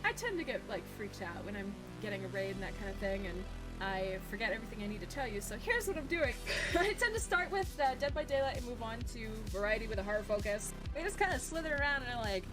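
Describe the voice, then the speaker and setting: A woman's voice: high voice, animated, a little fast, low-quality recording. A woman giving a playful, rambling pre-recorded intro to her stream channel. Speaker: game streamer. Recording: intro clip over loud music.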